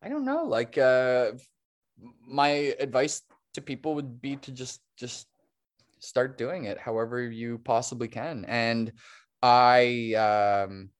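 A man chatting as a podcast guest in a loose, rambling way. He often restarts his sentences and laughs easily. His voice sits at an ordinary pitch. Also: animated, takes it slowly. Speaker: guest, stop-motion animator. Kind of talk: casual podcast interview.

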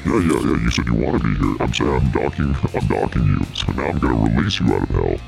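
Devil boss, very deep voice, rough fry, smug and stalling, music under it. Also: male voice, big pitch swings, darkish tone, full character voice. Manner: slow, stalling, making up rules. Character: petty bureaucratic male devil boss ruling hell. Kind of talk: comedy sketch acting.

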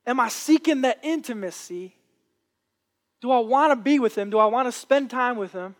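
A man's voice: very high-pitched, normal speed. A man preaching a sermon with impassioned, repetitive phrasing. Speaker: pastor.

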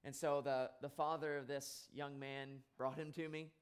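A man preaching a sermon in an earnest way, rising louder on key points and dropping soft on sad ones. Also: medium pitch, little pitch movement, moderate pace, smooth.

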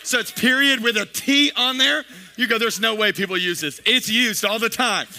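A man's voice: extremely high pitch, normal speed, bright, forceful tone. A man in his thirties, a pastor preaching a playful, joking sermon to his congregation, with many repeated words and asides. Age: 30s.

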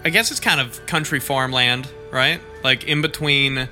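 A man's voice: medium pitch, moderate pace, pushed and bright, soft background music. A man co-hosting a casual podcast, joking around and laughing often. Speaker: podcast co-host. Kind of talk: casual chat.

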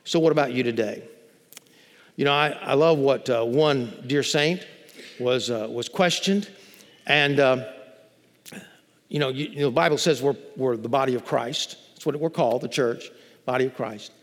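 A man's voice: medium pitch, big-room sound. A man preaching a sermon as pastor, stretching key words and building to emphatic, repeated phrases. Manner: emphatic, drawn-out preaching with rising intensity and repetitions. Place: church sanctuary.

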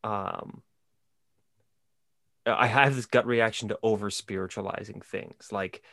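Low-voiced man, thoughtful podcast host. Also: fairly even intonation, unhurried, gravelly, a bit bright, no room sound, studio quality. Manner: thoughtful, uses filler "like". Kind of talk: casual faith conversation.

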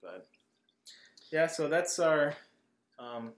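A man's voice: a little high, expressive, very slow, echoey room. A man co-hosting a podcast, chatting casually about a movie, filling his talk with "like" and laughing often. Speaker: podcast co-host. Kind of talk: casual movie review chat.

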